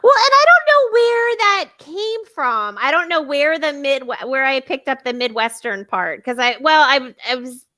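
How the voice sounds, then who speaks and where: A woman's voice: high voice, measured pace, hardly any pauses, sharp tone. A woman co-hosting a casual livestream chat, giggly and rambling, often poking fun at herself. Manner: giggly, rambling, self-deprecating. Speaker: co-host.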